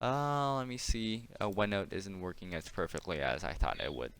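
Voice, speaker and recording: A man teaching a relaxed online language class, drilling pronunciation and repeating words slowly for students. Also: deep voice, clear, resonant tone. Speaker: Chinese teacher.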